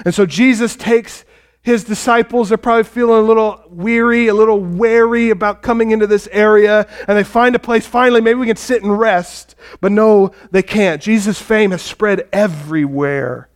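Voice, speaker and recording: A man's voice: high voice, fairly even intonation, moderate pace. A male pastor preaching a sermon and retelling a story with drama, speaking directly to the congregation.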